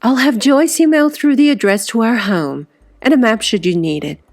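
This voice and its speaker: A woman's voice: on the high side, animated, moderate pace, dry recording, voice pushed up. A woman voicing a polite, well-spoken wealthy woman with a posh accent, read as a storybook character. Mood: gracious.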